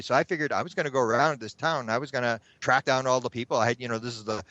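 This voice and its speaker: A man telling a story as a guest in an interview, animated and repeating words when he gets excited. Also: mid-range voice, quick pace, hardly any pauses, no echo, dull audio.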